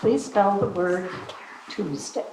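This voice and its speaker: A woman playing an exacting 1800s schoolteacher who leads a spelling bee, giving firm, deliberate instructions. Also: medium pitch, recorded from a distance, lightly acted. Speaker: schoolteacher reenactor. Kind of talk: living-history classroom reenactment. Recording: echoey room from afar, noisy.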